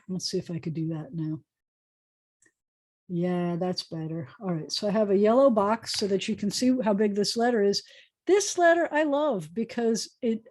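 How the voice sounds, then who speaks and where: A woman's voice: on the high side, a little mellow. A woman rabbi teaching a Hebrew class over a video call, patiently explaining and sounding out syllables. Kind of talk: online class lesson.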